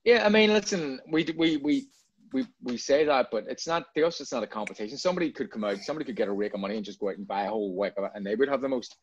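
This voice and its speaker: In a casual interview, a man who owns a bar talks rapid-fire, restarting sentences and repeating words as he rambles along. His voice is medium in pitch with a breathy edge, and the dry recording sounds dull and lo-fi.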